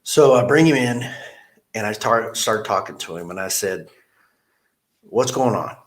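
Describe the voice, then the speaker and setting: Lowish-voiced man telling a story. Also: unhurried. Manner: animated storyteller who acts out quotes. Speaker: car dealership manager. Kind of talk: conversational interview storytelling.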